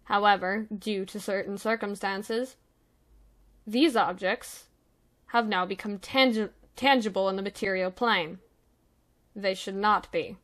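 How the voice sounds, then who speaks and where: A woman voicing a calm, manipulative male devil, smooth and quiet. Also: mid-range voice, a little slow, natural voice. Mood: smooth menace.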